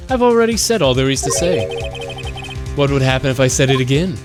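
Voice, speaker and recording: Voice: medium pitch, expressive, a little fast, music in the background, close to an everyday voice. A streamer voicing a cold, condescending female witness in a courtroom game, reading her lines aloud. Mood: dismissive. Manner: curt, condescending.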